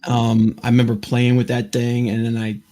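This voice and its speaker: Male podcast host, middle pitch, casual, rambling, stammers and restarts. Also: completely flat delivery, normal speed, dark tone, slight background noise. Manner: rambling, stammering, lots of fillers. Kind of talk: casual chat.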